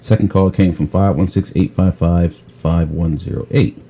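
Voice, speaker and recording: A man telling a story in casual chat, blunt and tough-talking, often clearing his throat. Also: deep voice, fairly even intonation, normal speed, warm tone, a little hiss or hum. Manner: blunt, tough-talking, retells calls with quoted dialogue. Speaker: podcast host telling a story.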